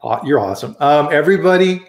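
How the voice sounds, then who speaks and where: A man's voice: fairly high pitch, lively intonation, fast talker. Chatty American man hosting a livestream. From American Midwest. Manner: upbeat, chatty, warm greetings to viewers. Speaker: livestream host. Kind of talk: casual live-stream chat. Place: home studio, Colorado. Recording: roomy echoey home room.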